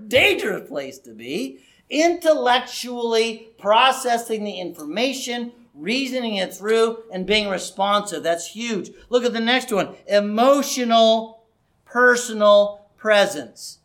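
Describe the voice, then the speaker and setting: A man's voice: high-pitched, animated, slow pace, fairly bright tone. A middle-aged male pastor giving an earnest, conversational sermon that builds to raised emphasis.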